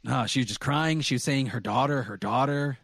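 A man playing a gruff guard who talks in a defensive, offhand way. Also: medium pitch, a little fast, a bit bright, no room sound.

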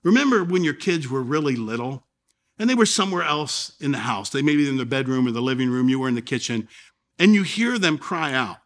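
A man preaching a sermon as a pastor, earnest, with dramatic pauses and sudden drops and rises in volume. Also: mid-range voice, animated.

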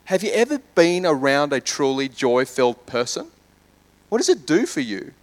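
Pastor guy preaching, fairly high voice, gets loud then goes real quiet to pray. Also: normal speed. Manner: animated, swings from loud urging to hushed prayer. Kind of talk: sermon.

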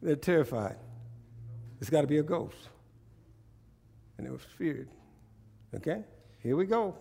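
A male pastor preaching a sermon, animated and repetitive, drawing responses from the congregation. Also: on the high side, measured pace, vocal fry.

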